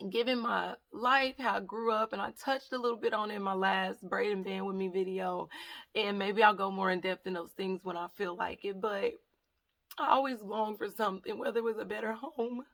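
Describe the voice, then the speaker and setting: A woman's voice: medium pitch, fairly even intonation, moderate pace, vocal fry, fairly bright tone. A woman vlogger, talking openly and emotionally in a rambling, heartfelt way, tearful at times. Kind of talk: emotional casual vlog talk.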